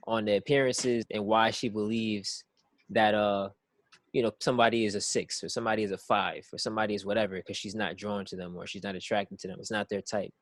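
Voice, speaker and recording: This podcast co-host has a lowish male voice, recorded with no room sound. His talk is casual and meandering, returning again and again to "it's like" and repeating words while he thinks his point through.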